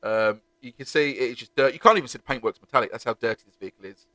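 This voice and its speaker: A chatty, jokey man hosts a car-detailing review vlog. His voice sits at an ordinary middle pitch and is recorded dry and close, with no room sound. He talks animatedly and enthusiastically. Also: very fast, pushed and bright, dry recording.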